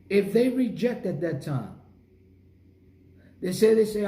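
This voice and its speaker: A man's voice: sits high, expressive, slow, pauses often, warm tone. A man giving a motivational sales coaching talk, emphatic and punchy, with short repeated phrases. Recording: roomy echo.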